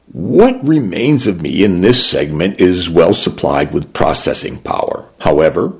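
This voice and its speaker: A man narrating a first-person story in a measured, gentle, reflective way. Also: low-pitched, creaky, breathy edge.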